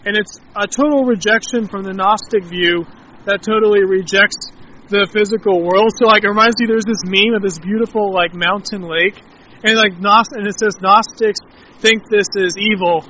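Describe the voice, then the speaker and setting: A man's voice: sits high, fairly even intonation, moderate pace, bright, forceful tone, muffled recording, slight background noise. A man talking casually outdoors, rambling and reflective, with many filler words. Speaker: interviewee.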